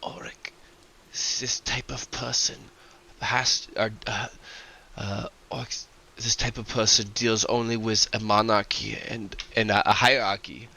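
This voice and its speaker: A man voicing a scheming male character sending a hushed, secret message in a tabletop game. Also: fairly low pitch, little pitch movement, unhurried, gravelly, exaggerated voice. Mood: conspiratorial.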